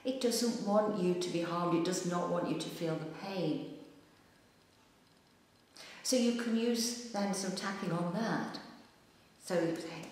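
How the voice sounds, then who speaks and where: Low-voiced woman in an echoey room. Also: a little slow, long pauses. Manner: calm, repetitive coaching phrases. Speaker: EFT practitioner. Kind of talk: guided tapping instruction. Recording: echoey room with long reverb.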